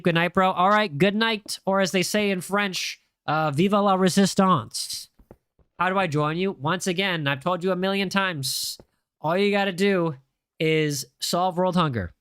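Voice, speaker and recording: A man's voice: sits high, unhurried, fairly bright tone, clean tone, no room sound, studio quality. A young man with a mix of Spanish and American accent, chatting casually with viewers while building in a game and teasing them as he reads their messages. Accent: mixed Spanish and American. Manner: joking, teasing viewers, reads chat aloud. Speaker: streamer. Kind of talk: casual live-stream chat while playing.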